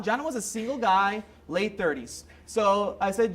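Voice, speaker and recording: Animated male motivational speaker. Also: sits high, normal speed, hardly any pauses. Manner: animated storytelling with acted quotes. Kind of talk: motivational seminar talk.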